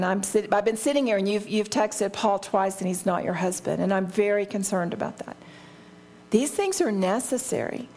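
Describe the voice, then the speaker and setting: A woman's voice: mid-range voice, darkish tone. An older woman teaching a Bible study, talking in an earnest, heartfelt way and often restarting her sentences.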